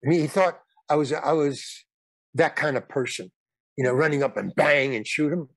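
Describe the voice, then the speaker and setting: Older man, fairly high voice, rambling storyteller, halting restarts, dry close sound. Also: dry recording. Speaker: guest. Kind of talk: casual storytelling.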